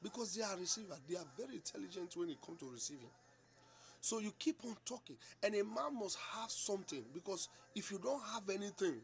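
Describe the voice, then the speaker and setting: A man teaching a Bible study in an animated, repetitive way, acting out little dialogues. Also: high-pitched, vocal fry.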